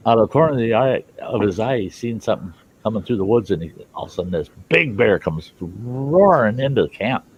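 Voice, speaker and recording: A man's voice: fairly low pitch, a little mellow, husky, muffled recording. A man hosting his own show, telling jokes in a folksy, rambling way and laughing at his own punchlines. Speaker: host. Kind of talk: casual joke telling.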